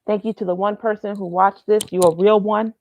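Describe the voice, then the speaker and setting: A woman's voice: medium pitch, fairly even intonation, brisk, dry recording, phone-quality sound. A young woman vlogging casually, rambling and candid, swearing freely. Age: young adult. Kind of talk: casual vlog monologue.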